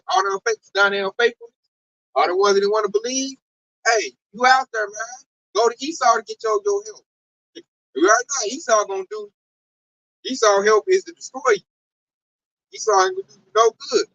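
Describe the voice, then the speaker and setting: A man preaching scripture in a loose, emphatic way, his voice swinging widely in pitch. There is a gravelly edge to his tone, and the recording sounds dull and lo-fi. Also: pushed and bright, no echo. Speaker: street preacher. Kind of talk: informal Bible teaching.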